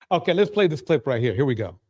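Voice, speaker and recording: A man's voice: mid-range voice, sing-song, brisk, darkish tone. A man hosting a live talk stream, asking his panel pointed questions. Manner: probing, asks pointed questions.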